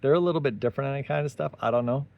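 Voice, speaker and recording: A man's voice: mid-range voice, very fast, creaky, dry recording, dull audio. A man hosting a solo tech commentary, talking animatedly with sarcastic asides and tangents. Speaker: tech commentary channel host.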